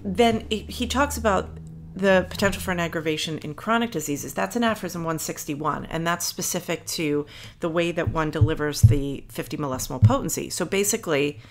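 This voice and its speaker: A woman's voice: lowish voice, brisk, few pauses, a little hiss or hum. A woman co-hosting a podcast, explaining points at length, reading quotations aloud and stopping to correct herself. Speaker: podcast co-host. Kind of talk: casual podcast discussion. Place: Philadelphia area.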